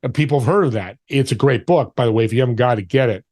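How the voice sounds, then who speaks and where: A middle-aged or older man telling stories as a podcast guest, lively and vivid, slipping into the voices of people he quotes. His voice sits at an ordinary pitch. The sound is close and dry, with no room echo. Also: very fast. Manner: animated storyteller, acts out quoted voices. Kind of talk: storytelling interview talk.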